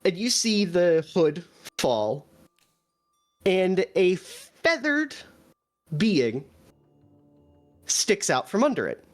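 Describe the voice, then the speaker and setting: A man narrating a tabletop role-playing game as game master, describing scenes in an animated way. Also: high voice, very slow, long pauses, soft background music.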